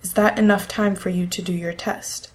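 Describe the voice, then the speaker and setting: A woman's voice: fairly low pitch, fairly even intonation, normal speed, natural voice. Woman voicing a cheery French-accented scheduler. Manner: cheery, helpful. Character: cheery female airline crew scheduler.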